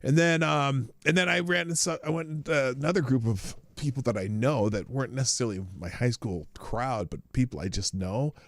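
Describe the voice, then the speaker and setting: A man's voice: normal speed, few pauses, no room sound. A middle-aged man from Omaha hosting a casual livestream, chatting in a rambling, offhand way and swearing now and then. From Omaha, Nebraska. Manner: rambling, chatty, swears casually, jumps between high and low pitch. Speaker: livestream host. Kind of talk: casual live-stream chat.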